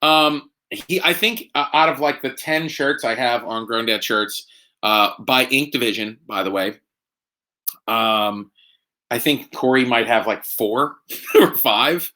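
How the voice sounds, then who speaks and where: Slightly drunk dude rambling on a home stream, lots of ums, bright tone. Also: male voice, mid-range voice, takes it slowly. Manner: rambling, joking, many fillers. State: tipsy. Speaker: host. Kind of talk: casual live-stream chat.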